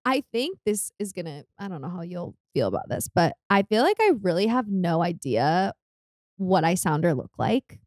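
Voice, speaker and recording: A young woman in her twenties from California, chatting as a podcast guest in an animated way, laughing often and quoting herself in lively voices. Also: on the low side, normal speed, no echo, studio quality. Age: 20s. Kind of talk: casual chat. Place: podcast studio.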